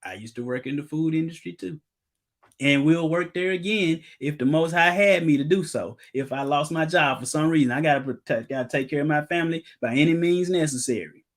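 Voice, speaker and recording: A man preaching informally, reading quotations aloud and telling personal stories, with loud emphatic outbursts. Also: a little high, fairly quick. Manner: casual, storytelling, breaks into loud emphatic outbursts.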